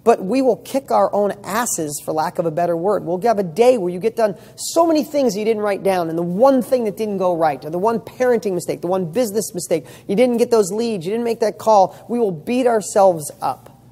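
A motivational coach for real estate students gives an emphatic pep talk, rattling off rhetorical questions and swearing casually. His voice is high-pitched and animated with a dark tone, and he talks fairly quickly.

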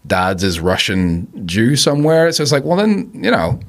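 A man's voice: medium pitch, big pitch swings, normal speed. A man talking as a podcast guest in casual conversation, reflective and rambling, laughing easily.

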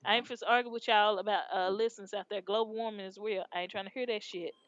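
A woman's voice: mid-range voice, fairly even intonation, fast, a bit bright, no room sound. Woman, from Texas, podcast co-host, casual rambling chat, slangy, muffled lo-fi audio. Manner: rambling, slangy, laid-back.

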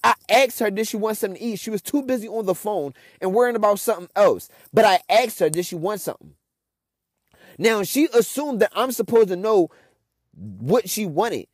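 Young Philly guy as podcast host, venting in an exasperated rant, high-pitched and dry. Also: dry recording. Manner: frustrated, ranting, heavy cursing. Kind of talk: casual monologue.

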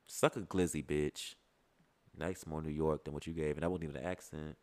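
A man's voice: very deep voice, flat delivery, brisk, darkish tone. A young man in casual podcast chat, brash and profane, roasting his co-host in playful banter.

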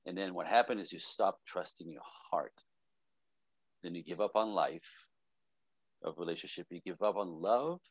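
A very low-voiced man talks on a video call, passionate and rambling, often sighing and restarting his sentences. The sound is close and dry. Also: normal speed, pauses often, breathy edge, dry recording. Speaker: podcast guest. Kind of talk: casual advice talk.

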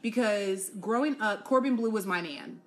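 A young adult woman hosting a casual solo podcast, gossiping in an animated way, laughing often and calling her listeners y'all, sis and honey. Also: medium pitch, normal speed. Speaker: podcast host.

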